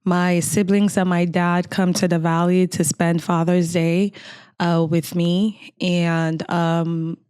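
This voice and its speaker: A middle-aged woman from Cameroon tells a personal story with earnest, emotional weight. Her voice sits on the low side and moves in a narrow, level band, delivered at an unhurried pace. The sound is smooth and clear, recorded close and dry. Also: level tone, a little mellow, dry recording. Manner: earnest, emotional recounting of a frightening memory. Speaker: podcast guest.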